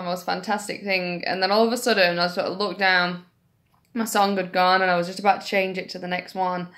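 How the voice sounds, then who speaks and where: A woman's voice: mid-range voice, a bit bright. A young woman vlogging, telling an anecdote in a chatty, self-deprecating way. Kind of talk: casual storytelling to camera.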